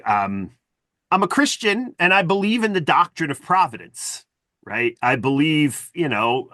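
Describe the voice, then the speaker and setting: A man talking as a podcast guest and historian, animated and self-deprecating, full of asides and fillers. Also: on the low side, no echo, clean studio sound. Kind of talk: casual conversational interview.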